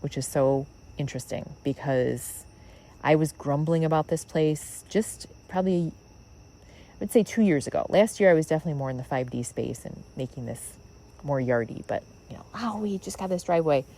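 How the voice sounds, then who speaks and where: A woman's voice: low-pitched, moderate pace, warm tone, poor audio. A woman hosting a spiritual podcast, talking outdoors in her backyard in a rambling, musing way with many fillers. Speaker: podcast host. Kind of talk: reflective spiritual monologue.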